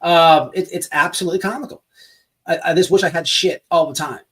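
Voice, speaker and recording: A man hosting a casual livestream, rambling and swearing as he mocks people online, sometimes slipping into a mock sales pitch. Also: fairly quick, a bit bright, slightly rough. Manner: rambling, profane, mocking. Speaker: livestream host.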